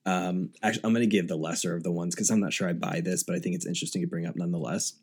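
A man co-hosting a film podcast, talking casually and fast with lots of "like" fillers. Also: sits low, steady tone, darkish tone, slightly rough. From United States. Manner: chatty, fast, many "like" fillers. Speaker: podcast co-host.

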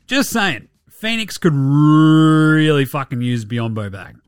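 A man's voice: on the high side, lively intonation, slow pace, smooth, no room sound, studio quality, soft background music. An Australian man hosting a sports podcast, talking casually and sarcastically, swearing often and mocking the people he talks about. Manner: profane, sarcastic, mocking impressions. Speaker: podcast host.

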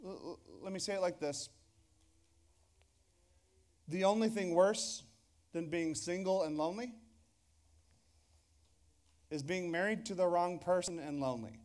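Speaking in a voice that sits high and a little mellow, a man preaches to a congregation in a church hall, going a little slow with frequent pauses. As pastor, he keeps the sermon casual and jokey, repeatedly restarting phrases.

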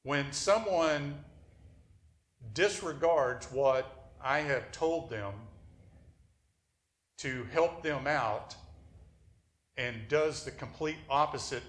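A man preaching a sermon in an earnest, deliberate and reflective way. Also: medium pitch, a bit bright, reverberant.

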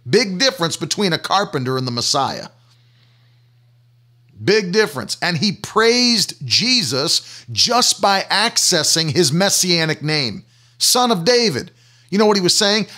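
A man's voice: high-pitched, sing-song, moderate pace, pushed and bright. A man preaching a sermon emphatically, repeating key phrases to drive them home.

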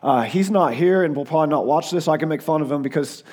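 A man in his forties with a Southern US accent, a guest preacher telling casual, joking stories about his family with a hoarse, fading voice. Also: on the high side, fast talker, a little mellow. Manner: chatty and joking, lots of "like" and "uh". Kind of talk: casual storytelling before a sermon.

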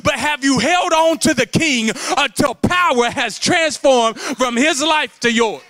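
Bright-voiced fervent male preacher. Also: unhurried. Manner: fervent, emphatic preaching with repeated "come on"; drops to a low, quiet voice in long passages. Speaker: guest preacher. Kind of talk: sermon.

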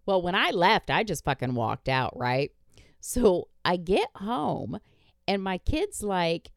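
Swearing, blunt woman with a low, lively voice. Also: slow pace, gravelly, no room sound, clean studio sound. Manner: blunt, swears freely, laughs through the story. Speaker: podcast host. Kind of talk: casual storytelling chat.

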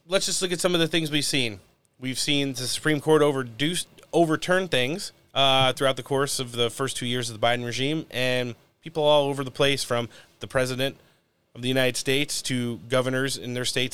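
Smooth-voiced male podcast host. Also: mid-range voice, a bit bright. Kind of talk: casual political chat.

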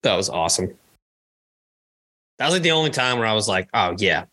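A man co-hosting a podcast in loose, joking chat, swearing freely and tossing in quick asides. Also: lowish voice, big pitch swings, bright, forceful tone. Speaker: podcast co-host. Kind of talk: casual chat.

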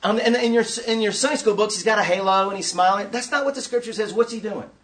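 A man leading an interactive teaching session at a conference, quizzing his audience in an animated way. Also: high voice, fast. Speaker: workshop teacher.

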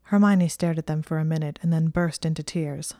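Brief: steady storybook narrator, woman, darker warm tone. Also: low-pitched, brisk, no room sound, studio quality. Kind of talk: audiobook reading of fan fiction.

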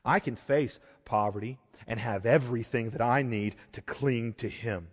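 A man preaching a sermon as pastor, swinging between emphatic peaks and hushed, intense stretches. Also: medium pitch, moderate pace, big-room sound.

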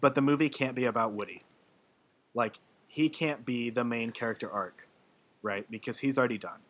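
A man's voice: medium pitch, normal speed, a bit bright. A man in casual podcast chat, gushing and emotional, rambling with many fillers and restarts. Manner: gushing about a film, laughing through his words.

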